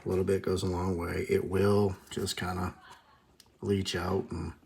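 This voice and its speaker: A man's voice: low-pitched, little pitch movement, measured pace, vocal fry, a little mellow, a little hiss or hum. A man hosting a casual workshop video, talking through his work at a bench with dry, self-deprecating asides and muttered remarks. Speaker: host. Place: workbench.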